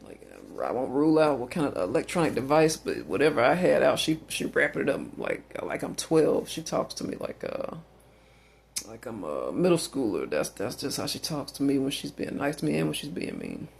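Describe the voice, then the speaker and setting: A man's voice: medium pitch, huge pitch swings, moderate pace, vocal fry, breathy edge. A man telling a long rambling story in a casual monologue, swearing freely and filling gaps with "uh" and "like". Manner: rambling, profane, lots of fillers.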